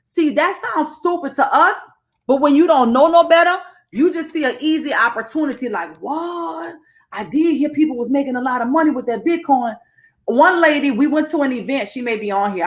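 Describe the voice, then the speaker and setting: A woman, hosting a casual livestream and talking straight to her viewers, animated and chatty, calling them "baby" and "y'all". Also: on the high side, fast talker. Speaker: livestream host and crypto educator. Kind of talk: casual live-stream talk to viewers.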